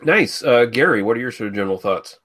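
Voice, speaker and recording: A man's voice: medium pitch, expressive, fast, a bit bright. Casual male movie podcast host. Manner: laughs often, moderates the panel. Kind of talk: casual movie review chat.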